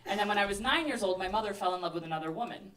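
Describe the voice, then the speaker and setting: A woman in her thirties, originally from Brooklyn, performing a stand-up comedy set on a club stage with a quick, sardonic delivery. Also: medium pitch, lively intonation, a bit bright. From Brooklyn, New York, raised in Texas. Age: 30s. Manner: quick, sardonic, acts out characters. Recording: roomy club recording, heard from a distance. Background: audience laughing.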